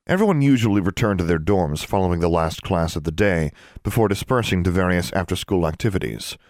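A man reading a novel aloud as narrator, steady and measured. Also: low-pitched, dry recording, studio quality. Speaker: audiobook narrator. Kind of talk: scripted audiobook narration.

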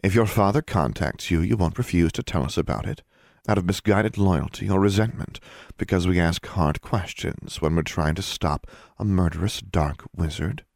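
A man's voice: low-pitched, normal speed, creaky, a little mellow, no echo, studio quality. A male narrator voicing a stern, commanding female wizard inquisitor in a storybook. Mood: coldly controlled. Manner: cold, commanding, clipped.

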